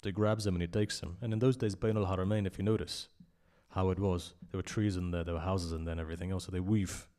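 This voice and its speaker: A low-pitched man delivering a sermon, his voice surging loud on key points and then falling to near-whispers. He tells a story in conversational English, full of emphatic repetition. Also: fairly even intonation, quick pace. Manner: impassioned, rising to loud emphasis and dropping to hushed asides. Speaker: speaker at a memorial majlis.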